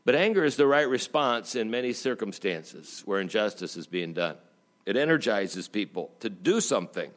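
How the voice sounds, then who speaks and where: A man preaching as a pastor in a church, telling jokes in a folksy way and slowing down for emphasis. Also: on the low side, expressive. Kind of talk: sermon.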